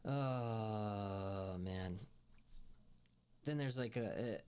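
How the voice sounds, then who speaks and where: A man's voice: on the low side, extremely slow, darkish tone, smooth. Rambling man recapping a show. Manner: rambling recap full of fillers and restarts; laughs while retelling scenes. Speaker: film review podcast host. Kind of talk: casual review chat.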